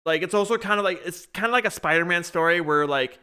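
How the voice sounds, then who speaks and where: Bright-voiced young man, rambling. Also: high voice, fast talker, clear, resonant tone. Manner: rambling, many restarts and fillers while retelling a show. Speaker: podcast co-host. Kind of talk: casual chat.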